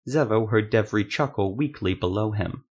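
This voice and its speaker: A man with a low voice narrating a fantasy story. His delivery is steady and measured, with scripted, even storytelling. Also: slightly rough, muffled recording.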